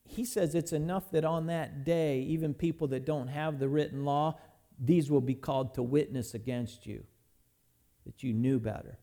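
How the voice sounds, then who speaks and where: A middle-aged man preaching a sermon, telling folksy stories and slowing down hard to stress his points. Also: a little high, dark tone. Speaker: pastor.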